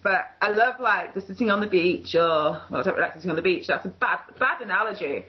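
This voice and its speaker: A woman's voice: medium pitch, expressive, fast talker. A chatty woman with a Yorkshire accent rambles through a casual video call, laughing easily as she goes. Her voice sits in a middle range and comes through slightly dull and muffled over the call line. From Leeds area, England. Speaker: call participant. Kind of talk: casual conversation.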